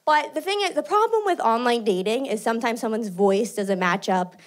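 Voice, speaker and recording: A young woman from New York City doing stand-up, animated and self-mocking. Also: a little high, fairly quick. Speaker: stand-up comedian. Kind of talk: stand-up comedy.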